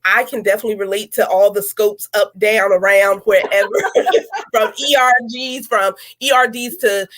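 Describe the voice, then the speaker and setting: A woman's voice: mid-range voice, steady tone, normal speed, a bit bright. A woman, hosting a talk show, emphatic and encouraging, repeating her phrases. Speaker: host.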